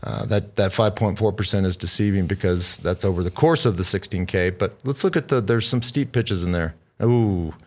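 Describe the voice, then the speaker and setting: A man's voice: low-pitched, normal speed, hardly any pauses. A man co-hosting a casual cycling podcast, a former pro rider who talks bluntly, swears freely and rambles through restarts. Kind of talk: casual chat.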